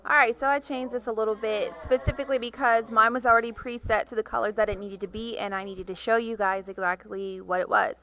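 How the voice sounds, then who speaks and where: Woman, software tutorial instructor, step-by-step narration, a gravelly fry in her voice. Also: fairly high pitch, steady tone, fast, few pauses. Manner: talks through each click step by step; reads instructions aloud, correcting herself. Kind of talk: screen-recorded software tutorial.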